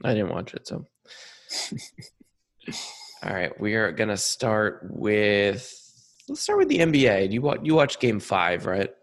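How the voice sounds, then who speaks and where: A man's voice: on the low side, big pitch swings, measured pace, long pauses. A man co-hosting a casual sports podcast, chatty and easygoing, often trailing off mid-thought. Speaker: podcast co-host.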